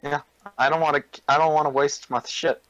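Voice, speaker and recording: A man playing a tabletop game who explains the rules in halting speech full of restarts. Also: on the high side, level tone, a bit bright, no room sound, lo-fi sound. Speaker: player. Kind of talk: casual tabletop game chat.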